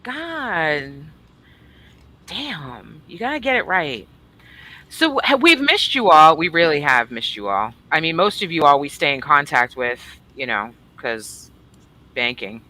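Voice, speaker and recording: A woman's voice: sits low, very animated, a little slow, pushed and bright. A woman co-hosting a casual livestream, bubbly and teasing as she greets viewers. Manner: bubbly, teasing, swings between squeals and mutters. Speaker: livestream co-host.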